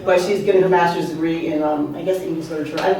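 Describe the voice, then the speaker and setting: A woman's voice: low-pitched, fairly even intonation, rapid-fire, mellow. Woman telling stories in an echoing room. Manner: chatty, with asides and rhetorical questions to the audience. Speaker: open mic speaker and author. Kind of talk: humorous personal storytelling. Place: art venue open mic. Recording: very echoey room, voice heard from a distance.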